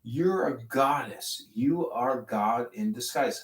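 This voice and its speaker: A man holding forth on spirituality in a preachy, rambling manner, calm one moment and fervent the next. He sounds set back from the mic, and the capture rings with echo. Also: mid-range voice, measured pace. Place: online audio chat room. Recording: echoey, distant audio-room capture.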